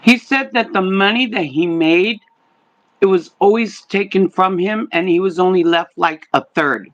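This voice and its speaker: An older woman giving a psychic reading, talking in halting stops and restarts. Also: lowish voice, dull audio. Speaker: psychic medium.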